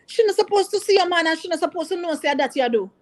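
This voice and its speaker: Speaking fast in a very high, expressive voice, a Jamaican-accented woman teacher earnestly addresses parents with passion. She hammers her points home, repeats them, and mixes in patois, and the recording is rough.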